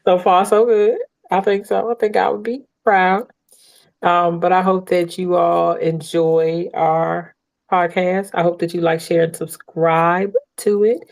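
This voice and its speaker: A woman's voice: fairly low pitch, flat delivery, unhurried, creaky, a little mellow. A woman hosting a casual podcast, laughing easily and speaking about faith and gratitude. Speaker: podcast host.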